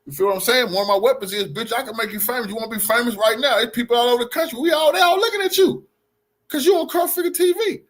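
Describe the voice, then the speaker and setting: A man's voice: extremely high pitch, fast talker, a bit bright. A man streaming casual, rambling commentary, profane and boastful. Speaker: streamer and blogger.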